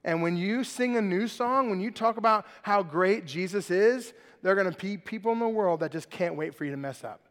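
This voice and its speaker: A preacher with a high voice gives a lively, joking sermon to a congregation, checking in with them with a quick "right?". His voice rings out with a long reverb through a large church hall. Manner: lively and joking, asks the crowd "right?" often.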